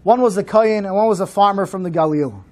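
A man's voice: high voice, fast talker, darkish tone. A man giving an earnest storytelling address at a memorial program.

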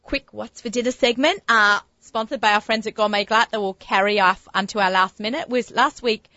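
A woman's voice: fairly high pitch, a little fast, sharp tone, no room sound, lo-fi sound. An Australian woman hosting a radio food show, chatting casually and gushing over a recipe. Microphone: studio microphone.

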